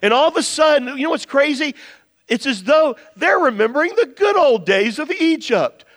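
A male pastor delivers a passionate sermon in a notably high voice, pressing his points with rising emphasis. His words ring out with a long reverb, as from a large church hall. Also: expressive, normal speed, a bit bright. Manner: impassioned preaching with rising emphatic lines.

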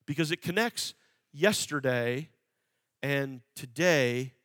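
Preaching slowly and earnestly, a male pastor repeats phrases to drive points home and asks his congregation questions, shifting from quiet and low to loud and emphatic. The recording is dry with clean studio sound.

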